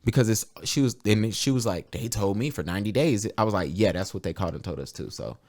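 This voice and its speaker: Man, low voice, casual podcast host, profane storytelling, acts out quotes. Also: lively intonation, quick pace, a little mellow.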